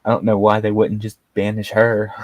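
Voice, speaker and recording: A man's voice: lowish voice, completely flat delivery, unhurried, darkish tone, no echo. A man hosting a live review show, talking in a rambling, mocking way and leaning on filler words. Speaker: show host reviewing a series.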